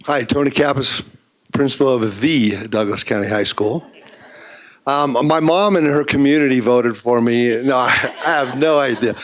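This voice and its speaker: A man high school principal giving jokey, proud acceptance remarks. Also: moderate pace, a bit bright.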